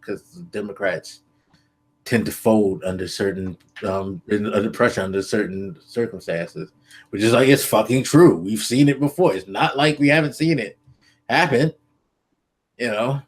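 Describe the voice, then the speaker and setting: A man co-hosting a casual political podcast, earnest and hesitant, pausing on frequent ums as he works through his points. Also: lowish voice, slightly rough. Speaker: podcast co-host.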